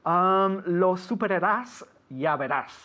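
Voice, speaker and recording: Man teaching English, slow clear drills. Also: high voice, animated, pushed and bright, lo-fi sound. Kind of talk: radio English lesson.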